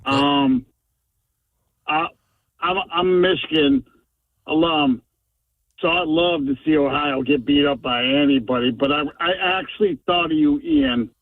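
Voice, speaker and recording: A man's voice: on the high side, measured pace, long pauses, no echo. A man calling in to a radio show, hesitant and repeating words as he talks. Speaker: caller. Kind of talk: call-in radio talk. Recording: tinny phone line.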